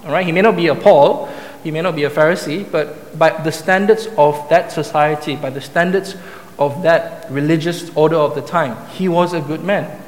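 Male preacher, chatty and full of restarts, a bit high-pitched, with a roomy echo and a faint room hum. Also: normal speed. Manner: conversational, with many restarts and asides. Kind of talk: sermon. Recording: echoey hall, faint room ambience.

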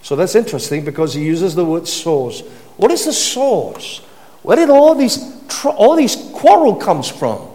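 High-voiced man preaching in a reverberant hall. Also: big pitch swings, moderate pace, few pauses, mellow. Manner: teaching, rhetorical questions to listeners, repeats words. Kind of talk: sermon.

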